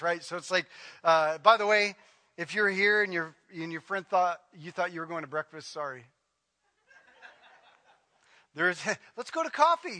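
Bright high-voiced preaching man. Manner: storytelling, building to impassioned peaks then dropping very soft. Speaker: pastor. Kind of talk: sermon.

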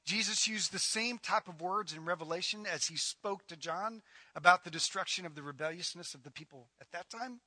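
A man's voice: sits high, a little fast, pushed and bright, dry recording. A middle-aged man preaching a sermon as pastor, emphatic and conversational, building points by repetition.

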